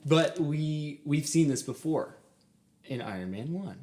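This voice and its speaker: A man's voice: on the high side, expressive, unhurried, a little mellow. A young man co-hosting a casual podcast about a film. He talks eagerly with many "um"s and laughs often. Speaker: podcast co-host.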